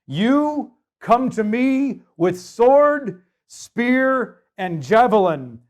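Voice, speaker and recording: A man voicing the young shepherd David, declaiming a battle speech slowly and loudly. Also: exaggerated voice. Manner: slow, booming declamation. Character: young shepherd boy David, defiant and fervent.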